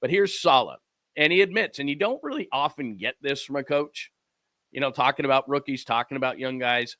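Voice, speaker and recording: Sports talk host, male, bright and pushy tone, loose rambling delivery with quick impressions, dry close sound. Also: medium pitch, lively intonation, no echo. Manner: rambling, fumbling with clips, mimics players and coaches. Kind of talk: casual live-stream commentary over video clips.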